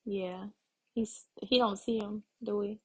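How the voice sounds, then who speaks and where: A woman's voice: mid-range voice, fairly even intonation, slow, mellow, slightly rough, poor audio. A young adult woman hosting a TV reaction video, chatting casually to her viewers and thinking aloud with plenty of fillers.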